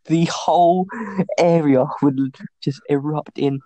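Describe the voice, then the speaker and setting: A man's voice: on the high side, steady tone, takes it slowly, warm tone, dry recording, low-quality recording. A young man co-hosting a podcast, casually telling school stories and laughing through his own anecdotes. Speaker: podcast co-host.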